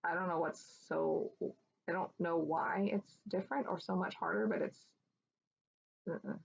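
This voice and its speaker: A woman's voice: lowish voice, fairly even intonation, moderate pace, vocal fry, husky. A woman vlogger chatting casually at home about her stitching projects, rambling with fillers and restarts. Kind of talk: casual show-and-tell chat. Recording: dull lo-fi sound with faint background noise.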